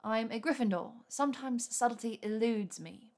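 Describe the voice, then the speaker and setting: A woman voicing a clever young witch who speaks crisply and primly. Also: medium pitch, a little slow, natural voice. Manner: crisp, prim and saucy.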